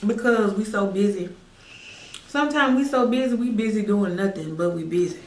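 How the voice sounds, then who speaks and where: A woman chatting to camera while eating, slow and folksy, calling her viewers neighbor. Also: mid-range voice. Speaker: mukbang host. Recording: echoey room, faint noise.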